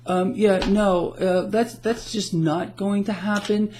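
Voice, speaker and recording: A middle-aged man hosting a casual market commentary blog, animated and sarcastic, stumbling into restarts. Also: high-pitched, slow pace, hardly any pauses.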